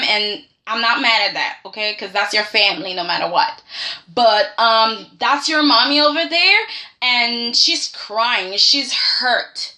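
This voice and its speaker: A woman talks through a soap opera episode in casual chat. She is emphatic and sassy and keeps tagging her points with a quick "okay?". Her voice sits a little high and sounds bright and forceful. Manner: sassy and emphatic, often tags lines with "okay?".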